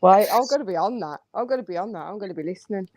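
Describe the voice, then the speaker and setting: A woman's voice: mid-range voice, lively intonation, very fast, darkish tone, no echo, dull audio. Giggly chatty woman. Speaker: guest. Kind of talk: casual late-night chat.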